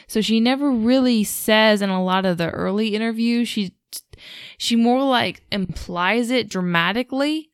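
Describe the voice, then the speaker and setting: A woman's voice: on the high side, normal speed, clear, resonant tone, no echo, clean studio sound. A woman co-hosting a podcast, telling a story in casual chat with lots of fillers and frequent laughs. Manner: chatty storyteller, laughs often, many fillers. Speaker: podcast co-host.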